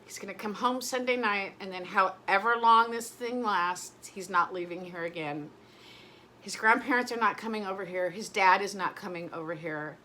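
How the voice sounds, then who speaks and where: A woman's voice: medium pitch, normal speed, sharp tone, slight background noise. A middle-aged woman vlogging in casual chat, rambling and emotional, often breaking off mid-sentence. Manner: rambling, emotional, self-interrupting.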